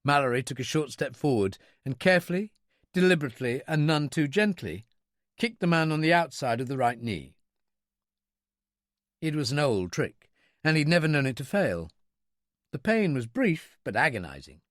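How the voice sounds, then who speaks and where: A man narrating a wartime thriller audiobook with an expressive, dramatic reading. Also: on the high side, moderate pace, long pauses, dry recording, clean studio sound. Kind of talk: scripted narration.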